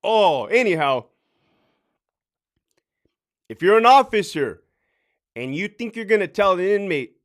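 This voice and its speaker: A man's voice: high-pitched, very animated, unhurried, long pauses. A middle-aged man and former corrections officer giving blunt, profane advice in a casual monologue. He laughs often and acts out other people's lines.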